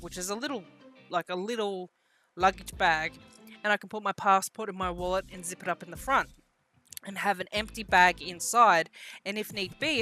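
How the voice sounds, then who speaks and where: A woman tells a personal story in a casual vlog. Her voice is bright and forceful, and she curses easily. She acts out what people said in a lively way. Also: mid-range voice. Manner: casual, swears freely. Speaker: vlogger.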